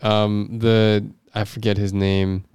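A man's voice: fairly low pitch, little pitch movement, slow, a little mellow, clear, resonant tone, no echo, studio quality. A man co-hosting a podcast, telling a sports story in a rambling, hesitant way. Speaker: podcast co-host. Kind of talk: casual chat.

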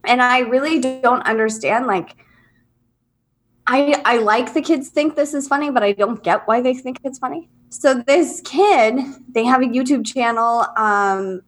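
A middle-aged woman co-hosting a casual podcast in a fairly high voice. She tells stories candidly and acts out what others said. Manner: candid storytelling, acts out quotes. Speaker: podcast co-host. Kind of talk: casual chat.

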